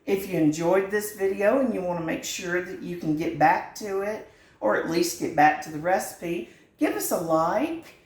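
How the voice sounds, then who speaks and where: A woman's voice: fairly low pitch, expressive, normal speed, a little mellow, echoey room. A middle-aged woman, hosting a home cooking channel in a folksy, earnest and sentimental chat from her kitchen. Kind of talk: heartfelt direct-to-camera chat.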